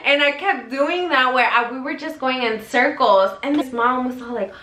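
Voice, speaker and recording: A woman's voice: high-pitched, moderate pace, bright, forceful tone. A young woman vlogger telling a storytime in a casual, chatty way, full of "like" and the odd swear word. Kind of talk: storytime vlog. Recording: roomy echo.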